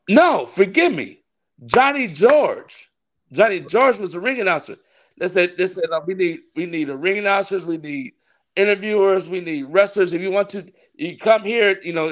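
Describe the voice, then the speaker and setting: A Californian pastor who also works as a wrestling ring announcer tells a long story during a relaxed interview. His voice is a little high, and he's animated, laughing often as he imitates the people in the tale.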